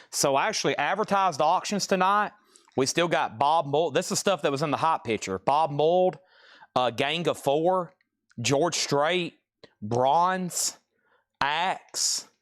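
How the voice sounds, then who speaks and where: A man hosting a live record sale stream, rattling off items, grades and prices in a brisk, matter-of-fact way. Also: on the high side, fairly bright tone, no room sound, clean studio sound. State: briefly out of breath. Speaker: livestream record sale host. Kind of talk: live sales patter.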